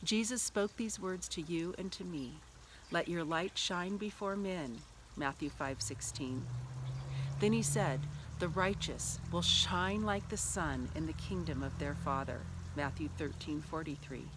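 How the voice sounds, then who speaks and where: Middle-aged woman doing a devotional story at church, lively, acts out the quotes, bit of faint noise. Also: sits low, unhurried.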